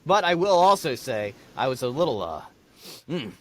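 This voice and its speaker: A man co-hosting a podcast, chatting easily and giving a casual movie review, often pausing on fillers. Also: mid-range voice, sing-song, slight background noise. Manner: easygoing, hesitant, trails off with fillers. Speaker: podcast co-host.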